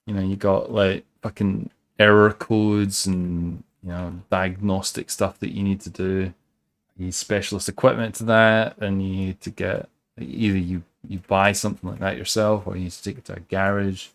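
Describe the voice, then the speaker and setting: A man with a fairly low voice chats casually while he streams a game. He rambles and swears freely, and he circles back on himself with lots of fillers. The talk is loose and unscripted, recorded at home. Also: steady tone, normal speed. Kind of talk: casual gameplay commentary.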